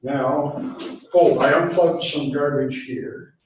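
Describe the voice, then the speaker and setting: A man's voice: fairly high pitch, steady tone, takes it slowly, slight background noise. A man lecturing a college class, talking to himself casually as he tries to get the speakers and projector working. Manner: casual, muttering while he fiddles with gear. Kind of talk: talking to himself while setting up class equipment. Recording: echoey classroom, voice far from mic.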